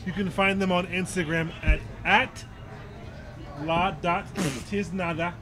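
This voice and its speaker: A man chatting casually in a brewery beer garden, relaxed and hesitant, describing a beer with many "uh"s. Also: sits high, measured pace. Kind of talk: casual chat.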